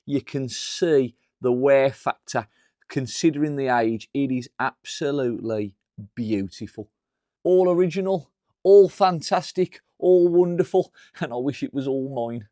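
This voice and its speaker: A man's voice: mid-range voice, unhurried, warm tone, dry recording, clean studio sound. A man, hosting a jokey music shop vlog from his workbench, enthusiastic and fond of puns. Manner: enthusiastic, punning. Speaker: music shop guitar tech and host.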